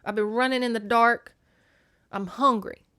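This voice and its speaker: A woman's voice: on the high side, steady tone, a little slow, a bit bright, smooth. Brief: hungry, blunt young goddess, woman performing, whiny and pushy. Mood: insistent. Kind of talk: retelling a novel.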